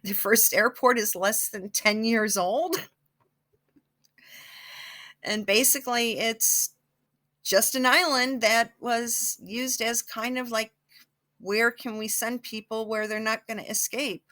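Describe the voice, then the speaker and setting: Give me a woman chatting casually as a psychic host, rambling, with a bright, forward voice. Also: a little high, steady tone, slow, long pauses. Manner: rambling, many fillers and restarts. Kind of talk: casual chat.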